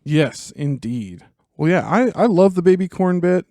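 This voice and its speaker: Casual podcast talk, man, animated and profane, fairly high voice, dry sound. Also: a little slow, no echo. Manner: animated, swearing, laughing often. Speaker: podcast host and writer.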